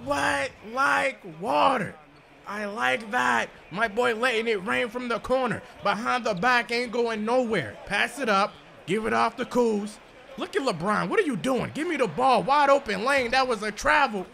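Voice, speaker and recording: A man giving hyped gameplay commentary, shouting and trash-talking at the game. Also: very high-pitched, normal speed, creaky. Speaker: gaming video creator. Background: music.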